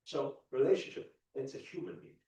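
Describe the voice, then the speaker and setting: A man's voice: mid-range voice, fairly quick, mellow. A man in his thirties, a spiritual teacher giving a motivational talk to a live audience. He keeps putting questions to the crowd and repeats his points for emphasis. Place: large hall at a live event. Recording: echoey hall, speaker far from mic.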